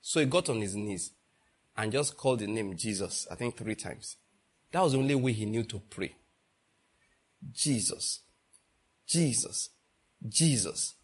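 A man's voice: fairly low pitch, animated, moderate pace. A man preaching a sermon, asking the congregation rhetorical questions and repeating phrases for emphasis.

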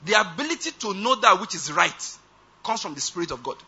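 A man's voice: high-pitched, very animated, a little fast, pushed and bright, breathy edge. A man preaching a sermon, emphatic and often checking that his listeners follow. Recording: dull lo-fi recording.

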